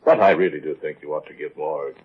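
A man's voice: extremely low pitch, fast talker, breathy edge. An actor playing a polite, fussy shopkeeper who tells his story to the listener, in 1940s radio acting. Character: fussy, kindly middle-aged shopkeeper telling his story. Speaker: narrator and shop owner. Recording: tinny old radio broadcast with music.

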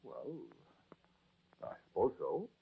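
An actor with an American accent playing a young soldier turned ex-convict, narrating and talking in a 1940s radio drama. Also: male voice, slow, natural voice. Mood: defiant. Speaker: narrator and lead character. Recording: tinny old radio broadcast recording.

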